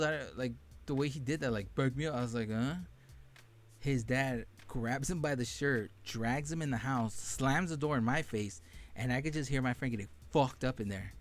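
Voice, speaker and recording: Candid, profane young man telling stories. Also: mid-range voice. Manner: candid and profane, laughing at painful memories. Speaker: podcast host. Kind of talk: casual storytelling monologue.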